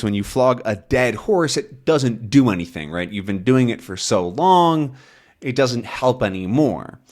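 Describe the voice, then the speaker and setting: Slow-talking male English teacher. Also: mid-range voice. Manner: slow, clear explaining with frequent "right?" checks. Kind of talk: explaining a comic for learners.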